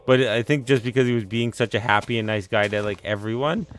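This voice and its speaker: A young man, rambling casually to his viewers on a live stream. His voice sits at an ordinary mid pitch, and he drifts from topic to topic like an easygoing storyteller. A faint hiss of noise runs underneath. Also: quick pace. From Canada.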